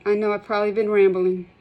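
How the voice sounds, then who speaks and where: In a muffled recording, a middle-aged woman with a drawl talks directly to camera in an emotional vlog, sharing her withdrawal experience as a healthcare provider. Her pitch sits in the ordinary middle range. Impassioned and shaky, close to tears, she keeps repeating and restarting her sentences.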